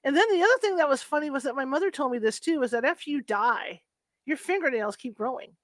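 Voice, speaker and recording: A woman's voice: high-pitched, animated, quick pace, no echo. A middle-aged woman from California telling stories in a casual chat, laughing now and then as she talks. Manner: chatty storyteller, laughs while telling. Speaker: conversation partner. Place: Sacramento, USA.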